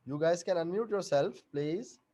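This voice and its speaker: A man with a fairly high voice teaches an online class over a video call, explaining slowly and repeating every point and question. The recording is very noisy.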